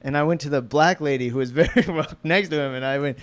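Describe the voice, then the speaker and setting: A man from Alaska co-hosts a loose comedy podcast with a slightly high-pitched voice. He banters quickly and keeps breaking into laughter between jokes. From Alaska, USA. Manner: jokey, laughs often, quick asides. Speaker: podcast co-host.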